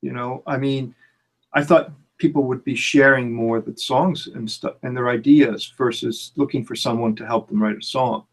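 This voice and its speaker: A middle-aged man, a songwriter and producer, talking casually about songwriting, often repeating his words as he starts sentences over. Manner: halting, repeats words, lively swings in pitch. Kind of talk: casual chat.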